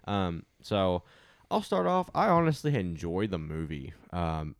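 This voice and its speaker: Young guy hosting a movie podcast, low voice, quick and rambly, dry sound. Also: wildly swooping pitch, no echo. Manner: rambling with many restarts and fillers. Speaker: podcast host. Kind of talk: casual movie review chat.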